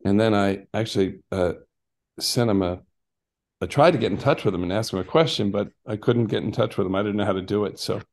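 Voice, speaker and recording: A man's voice: fairly low pitch, a little fast. An older man, a former actor and basketball coach, chatting in an interview and telling stories in a rambling way with frequent restarts and asides. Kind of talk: casual interview storytelling.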